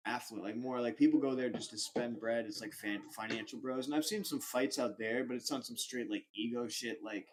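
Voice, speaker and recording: A man's voice: mid-range voice, brisk, hardly any pauses. Slangy young man telling a rambling story. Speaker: podcast co-host. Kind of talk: casual storytelling chat.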